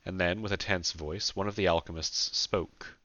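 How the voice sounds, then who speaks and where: Low-voiced man narrating an audiobook. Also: fairly even intonation, moderate pace, pushed and bright, no echo, highs cut off. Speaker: author and narrator.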